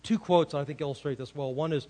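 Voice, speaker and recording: A man's voice: fairly high pitch, quick pace, mellow. A man preaching a sermon in an earnest way, often asking the listeners rhetorical questions. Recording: long reverb of a large hall.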